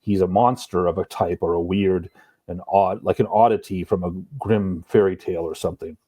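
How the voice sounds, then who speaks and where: A man co-hosting a podcast, talking through a book in a thoughtful, measured way. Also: low voice, steady tone, mellow, no room sound. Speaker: podcast co-host. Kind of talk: casual book discussion.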